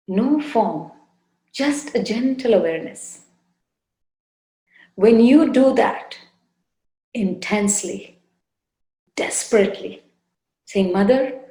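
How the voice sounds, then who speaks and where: Woman, satsang teacher, gentle coaxing delivery, mellow warm tone, roomy echo. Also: fairly high pitch. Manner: soft, unhurried, gently coaxing with repeated phrases. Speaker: spiritual teacher leading a satsang. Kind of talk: devotional talk with guided meditation. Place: indoor room.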